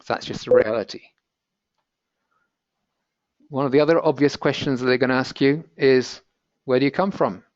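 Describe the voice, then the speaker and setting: A man's voice: mid-range voice, moderate pace, pauses often, no echo. A man teaching a Spanish lesson in a webinar, explaining in a practical, conversational way with asides. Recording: dull, lo-fi webinar audio.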